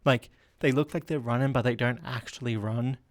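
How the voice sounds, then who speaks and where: A man's voice: mid-range voice, steady tone, a little fast, no room sound, studio quality, natural voice. A man putting on a crass, cocky young male stand-up comic who keeps calling the crowd mate and bro. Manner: brash, blokey banter full of mate and bro.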